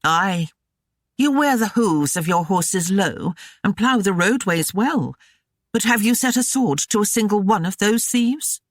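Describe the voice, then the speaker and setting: A sharp-tongued noblewoman in a historical romance audiobook, all rasping temper and snarling complaint, as the reader puts her on. The voice climbs well above the reader's own and pushes hard. It is recorded close and dry. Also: mid-range voice, lively intonation, unhurried, dry recording, voice pushed up. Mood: scornful complaint. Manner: snarling, railing, scolding. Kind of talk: audiobook character voice.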